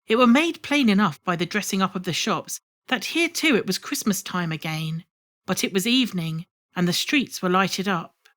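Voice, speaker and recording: A woman narrating a classic novel as an audiobook reader, in a measured, expressive reading. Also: mid-range voice.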